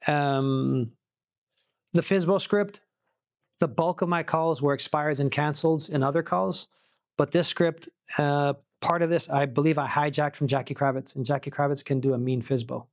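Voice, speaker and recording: A man coaching a room of real estate agents through cold-call scripts, energetic and repeating key points for emphasis. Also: mid-range voice, dry recording, studio quality. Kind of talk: teaching a sales boot camp.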